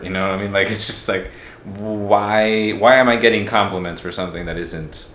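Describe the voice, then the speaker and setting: A man's voice: lowish voice, a little fast, hardly any pauses, fairly bright tone, roomy sound. A man from Mexico talking as a podcast guest, reflective and candid in a casual interview.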